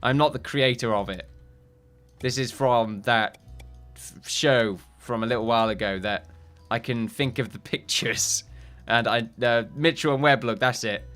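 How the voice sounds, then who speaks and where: A man's voice: medium pitch, unhurried, a bit bright, soft background music. A man hosting a let's play, rambling and joking at his own expense in casual commentary. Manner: rambling, self-mocking, jokey. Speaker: gaming channel host.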